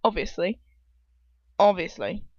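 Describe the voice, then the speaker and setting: A woman's voice: lowish voice, expressive, a little slow, no room sound. A woman voicing an anxious young male wizard who mutters and repeats himself, with an English accent, in a dull, dry home recording. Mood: gruff.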